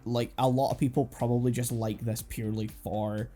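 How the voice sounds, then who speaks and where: A man co-hosting a laid-back podcast, talking in loose, rambling runs. He swears freely and breaks into laughter often. Faint music sits quietly under his voice. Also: mid-range voice, level tone, fairly quick. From United Kingdom. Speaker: podcast co-host. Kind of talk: casual anime podcast chat.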